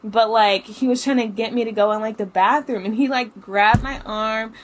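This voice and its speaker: A woman's voice: a little high, steady tone, moderate pace. A young woman hosting a podcast, telling a story casually, swearing a lot and filling her talk with "like". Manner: chatty, profane, filler-heavy with lots of "like". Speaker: podcast host.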